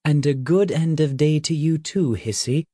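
A man's voice: on the high side, moderate pace, warm tone, dry recording, studio quality, pitched above the performer's own voice, close to an everyday voice. A man doing a wry, teasing fairy lady. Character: poised, amused fairy-court lady.

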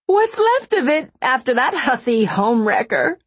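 A bitter, heartbroken woman sobs out her words slowly, high and shrill, as a woman reading the story puts her on. The sound is close and dry, with no room around it. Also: sing-song, breathy edge, dry recording, exaggerated voice. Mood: bitter weeping.

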